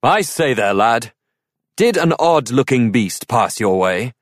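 A man's voice: on the low side, animated, normal speed, dry recording, lightly acted. A man voicing a brash, hearty knight who talks in a bluff, posh, commanding way in a storybook reading. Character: brash, hearty middle-aged male knight.

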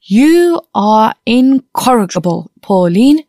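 A woman's voice: medium pitch, expressive, normal speed, warm tone, dry recording, studio quality, natural voice. A woman reading the part of a contemptuous, disapproving older aunt in an audiobook, disdainful and exasperated.

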